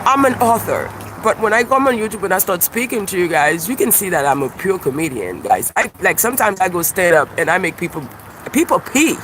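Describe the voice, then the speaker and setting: A man with a high voice rambles through a live-stream monologue outdoors. He is animated and profane, and he laughs at his own jokes. Loud traffic noise sits under everything he says. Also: fairly quick. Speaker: YouTube livestreamer and self-described comedian. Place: outdoors by a busy street with birds. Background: passing cars and birdsong.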